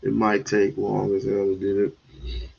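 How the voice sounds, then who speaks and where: A man hosting a livestream, ranting in commentary with sudden loud bursts and chuckles. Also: fairly low pitch, monotone, a little slow, creaky, slightly rough, muffled recording. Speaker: streamer host.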